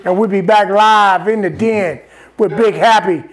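A man's voice: high voice, measured pace. A man hosting a podcast in casual chat, laid-back and chuckling as he chimes in. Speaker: podcast host.

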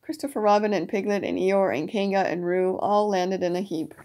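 A woman reading a children's storybook aloud. Her narration is even and steady, at a middle pitch. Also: brisk.

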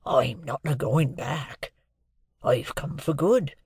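A man doing a gravelly old convict. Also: medium pitch, animated, slow pace, no room sound, studio quality, exaggerated voice. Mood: earnest, confiding. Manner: coarse dialect, hoarse hushed urgency. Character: rough older male convict, fiercely devoted.

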